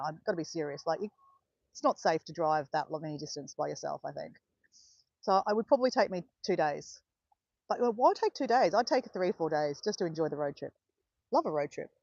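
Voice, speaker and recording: A woman's voice: on the low side, a little fast, no echo, highs cut off. An Australian woman hosting a live stream, chatting casually and greeting viewers by name. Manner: chatty, addresses viewers by name, bursts of excited cheering. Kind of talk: chatty livestream talk to viewers.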